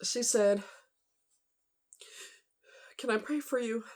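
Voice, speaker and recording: A woman's voice: a little high, takes it slowly, darkish tone. A woman telling a painful personal story off the cuff, emotional and rambling, with many fillers.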